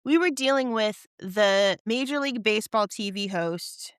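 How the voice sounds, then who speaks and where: A woman co-hosting a podcast, chatting casually, excitable and rambling, laughing often. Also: medium pitch, moderate pace, clean tone, dry recording, clean studio sound. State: tired. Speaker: podcast co-host. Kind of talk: casual chat.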